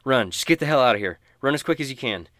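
A man's voice: medium pitch, rapid-fire, bright, forceful tone, dry recording, clean studio sound, natural voice. A man voicing a brave female rescuer who urges prisoners to flee in a commanding voice, in a tabletop game. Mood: urgent.

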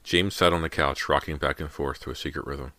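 A man's voice: very deep voice, fairly quick, no room sound. A man narrating a horror novel as an audiobook reader. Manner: steady storytelling read. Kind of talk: scripted narration.

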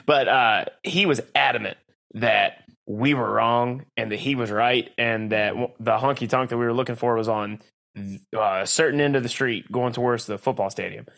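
A man's voice: medium pitch, normal speed, vocal fry, a bit bright. Laughing man telling stories. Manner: rambling storyteller, laughs often. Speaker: podcast co-host. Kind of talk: casual chat.

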